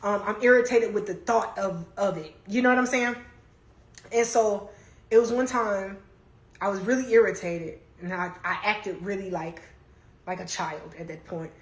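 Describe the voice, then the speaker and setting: A woman's voice: medium pitch, moderate pace. Chatty woman on a phone livestream, roomy. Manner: candid, chatty, laughs often. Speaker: livestream host. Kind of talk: casual chat, reading comments.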